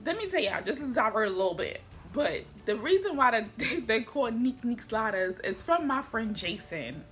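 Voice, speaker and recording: Young woman vlogging from home, slangy n chatty, voice sits a bit high, soft music in the back. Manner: chatty, slangy, emotional, quietly tearful at times. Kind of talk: casual chat.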